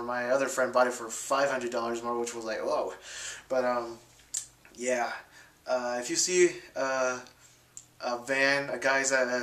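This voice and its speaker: The voice is medium-pitched, bright and forceful, with noticeable reverb. A young vlogger recounts a story casually to his audience, rambling with many fillers and restarts and performing quotes in a raised voice.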